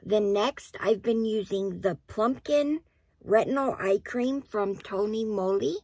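Gravelly-voiced woman giving a skincare tutorial. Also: mid-range voice, unhurried, dark tone, no echo. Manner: chatty, explains each step. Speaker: beauty vlogger.

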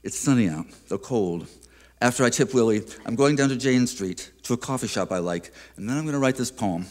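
A man giving a poetry reading at a museum, introducing his poem in a reflective, unhurried way with small hesitations, then reading it aloud. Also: mid-range voice, animated. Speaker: featured poet. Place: live reading in an art museum.

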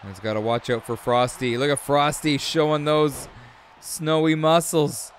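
A man in his thirties giving excitable, rambling commentary over a video game, full of chatty asides. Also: medium pitch, moderate pace, slight background noise. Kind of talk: casual gameplay commentary.

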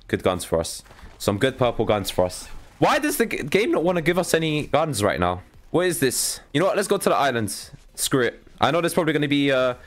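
Talking to viewers over his own video game play, a young man gives excitable live commentary punctuated by exasperated outbursts. This gaming YouTuber has a mid-range voice.

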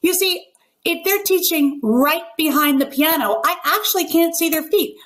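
A woman's voice: very high-pitched, normal speed, a bit bright. A woman who works as a ballet pianist, giving an instructional video talk in an emphatic, well-enunciated coaching tone. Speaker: ballet pianist and teacher educator.

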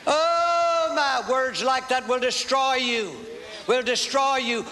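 A man's voice: extremely high pitch, slow pace, bright, forceful tone. A man preaching a fervent sermon as pastor, calling for responses from the congregation. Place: church sanctuary. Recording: reverberant church hall with faint noise.

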